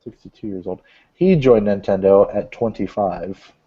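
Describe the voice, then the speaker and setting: A man's voice: fairly low pitch, normal speed, breathy edge. A man hosting a casual podcast, reading out gaming news in a rambling, joking way with lots of fillers. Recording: dull lo-fi podcast audio.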